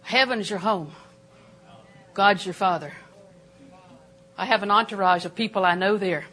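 An older woman preaching a sermon in a church auditorium, animated and emphatic, with sudden jumps in pitch. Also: unhurried.

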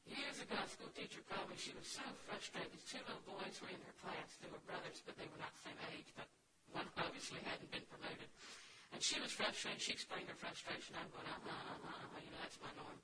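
A woman preaching a sermon, moving from quiet storytelling to loud, emphatic passages with folksy, humorous asides. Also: medium pitch, lively intonation, a little fast, long pauses. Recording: distant mic with loud background noise.

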